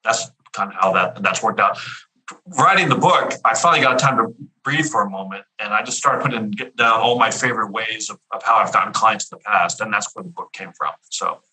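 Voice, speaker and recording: A man in his fifties, a podcast guest telling stories in a casual, energetic way with many restarts. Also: on the low side, brisk, poor audio. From Houston area, US. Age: 50s. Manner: energetic, repeats words and restarts often. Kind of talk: casual storytelling interview.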